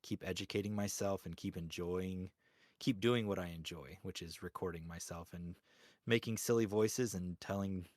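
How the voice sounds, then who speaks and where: A man's voice: low-pitched, fairly even intonation, moderate pace, darkish tone, dry recording, clean studio sound. A man, a voice actor, talking reflectively in a casual interview, rambling with lots of fillers. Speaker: guest voice actor.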